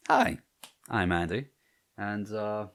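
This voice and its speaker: Scottish guy near edinburgh, low voice, lots of ums, nervous vlog chat to camera. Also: little pitch movement, normal speed. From Scotland. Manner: hesitant, many ums and restarts, self-conscious. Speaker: channel host.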